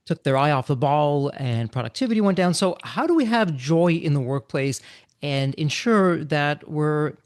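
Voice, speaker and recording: Brief: male podcast host, slightly high voice, dry close sound, summarizes guest's ideas. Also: lively intonation, normal speed, no echo. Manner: recaps the guest's points in his own words. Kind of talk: conversational interview.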